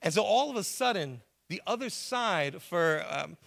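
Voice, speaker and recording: A man preaching a sermon as pastor, animated in his storytelling, and he has a cold. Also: high voice, unhurried, vocal fry.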